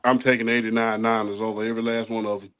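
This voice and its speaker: A man's voice: lowish voice, flat delivery, rapid-fire, a bit bright, clean tone. A man in casual sports chat, swearing and laughing hard, slangy in his talk.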